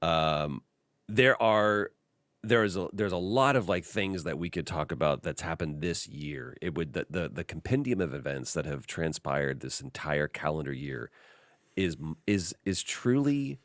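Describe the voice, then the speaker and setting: A man's voice: sits low, unhurried, no echo, studio quality. A man hosting a podcast, chatting casually and acting out the voices in his stories. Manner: animated storyteller, acts out quotes. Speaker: podcast host. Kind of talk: casual chat.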